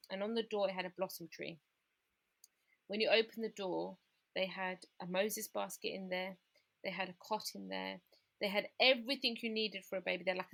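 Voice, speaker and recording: A woman on a podcast shares a personal story frankly, performing what her family members said as she retells it. She has a mid-range, gravelly voice with a fairly bright tone.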